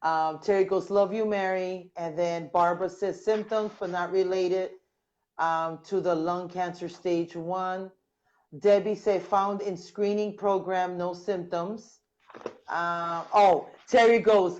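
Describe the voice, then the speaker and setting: A woman's voice: on the low side, slow. A woman from the United States hosting a live interview show, talking casually and exclaiming often while reading viewer comments aloud. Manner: animated, exclaims "wow" and "amazing" often. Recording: muffled lo-fi livestream audio.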